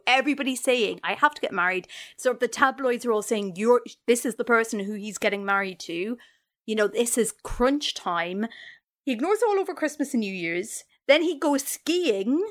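A woman's voice: on the high side, moderate pace. A woman, casually retelling a story on a chat podcast and acting out the quotes. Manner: animated, acts out quoted voices. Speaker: podcast co-host telling the story.

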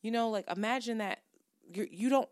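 A woman co-hosting a podcast, telling a story in casual, animated, profane chat that builds to heat. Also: on the high side, fairly quick, no echo, clean studio sound. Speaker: podcast co-host.

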